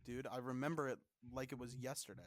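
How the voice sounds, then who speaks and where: A man's voice: mid-range voice, little pitch movement, fast talker, slight background noise. A young man co-hosting a podcast, ranting and swearing in mock-arrogant casual chat. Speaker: podcast co-host.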